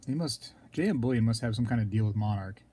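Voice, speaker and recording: Rambling man clearing his throat. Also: on the low side, lively intonation, fast talker, dark tone. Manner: rambling, talks to viewers in chat, clears throat often. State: throat scratchy, keeps coughing. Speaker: live stream host. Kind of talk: casual live stream chat.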